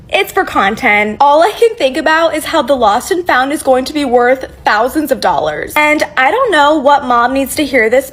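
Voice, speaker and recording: A woman's voice: high-pitched, a bit bright. A woman delivering sarcastic, punchy commentary for a social media video.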